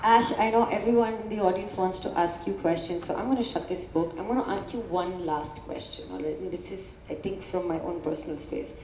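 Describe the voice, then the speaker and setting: A woman's voice: lowish voice, brisk, few pauses, noisy background. A woman, interviewing an author on stage at a book launch, effusive in her questions. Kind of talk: on-stage conversation. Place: event hall before an audience. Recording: echoey hall with light ambience.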